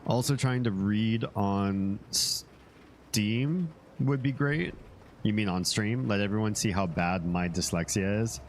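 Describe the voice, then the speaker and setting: Low-voiced guy streaming a game, rambly and swears a lot, little bit of hiss. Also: slow pace. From Finland and the United States. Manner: rambling, joking, swears freely. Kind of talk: casual gameplay stream chat.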